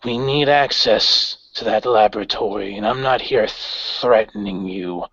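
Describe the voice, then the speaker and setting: A man playing a grim, cold gang leader who speaks with measured, menacing calm. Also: on the low side, breathy edge, no room sound, voice pushed down, exaggerated voice. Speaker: player voicing his character. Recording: dry, dull lo-fi recording.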